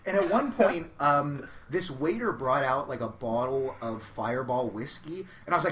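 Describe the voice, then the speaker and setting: Young male stand-up, bright tenor-ish voice, animated and profane. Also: a little high, moderate pace. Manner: animated, acts out voices, swears freely. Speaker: stand-up comedian, podcast guest. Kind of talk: casual chat, comic storytelling.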